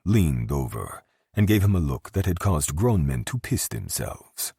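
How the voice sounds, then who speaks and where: Very deep gravelly male narrator. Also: very animated, normal speed, darkish tone, no room sound, studio quality. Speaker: audiobook narrator. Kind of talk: first-person romance narration.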